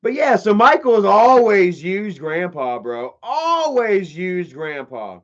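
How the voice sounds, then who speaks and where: A man's voice: high-pitched, big pitch swings, slow. A man hosting a livestream, telling a long, rambling story full of swearing and restarts. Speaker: livestream host. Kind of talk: casual livestream rant. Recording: dull lo-fi stream audio.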